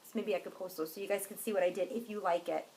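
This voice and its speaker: A woman co-hosting a crafts podcast in casual chat, self-deprecating and quick to laugh. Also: medium pitch, fairly even intonation, darkish tone, slight background noise, low-quality recording. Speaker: podcast co-host.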